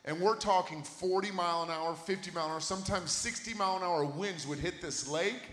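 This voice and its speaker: A man with a high voice preaches a sermon in a big hall, and his words ring out with a long echo. He retells a story with growing intensity and repeats his points for emphasis, holding a handheld mic. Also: a little fast, fairly bright tone. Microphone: handheld microphone.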